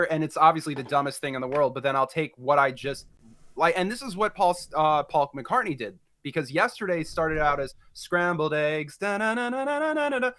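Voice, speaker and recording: A male host with a fairly high, bright, forward voice. He chats loosely and is easy to talk to. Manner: easygoing, talkative. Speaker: interviewer host. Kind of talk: casual interview chat.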